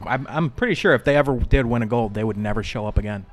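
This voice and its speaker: This is a man from Chicago co-hosting a podcast in a loose, casual chat. He keeps things relaxed and jokey and lets his sentences drift into asides. His voice sits at an ordinary middle pitch for a man. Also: fast talker. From Chicago, United States. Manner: laid-back, joking banter with trailing asides. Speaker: podcast co-host.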